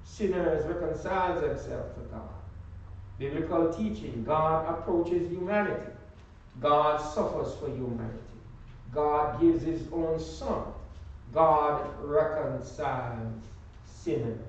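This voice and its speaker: A man leads a church Bible class with a slightly raised pitch, drawing out his words and pausing so the class can supply the answers. He is heard from well back in a strongly echoing room, and the sound is dull and muffled under a faint hum. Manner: prompts the class to finish his sentences; slow, emphatic delivery. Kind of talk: Sunday class teaching. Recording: echoey room from far off, dull.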